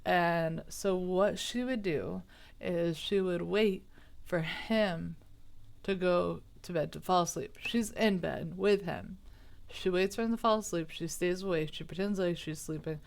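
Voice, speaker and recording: A woman with a lowish, creaky voice recounts a true crime case at a measured pace. Her telling rambles, with asides and self-corrections, and she sounds baffled and indignant.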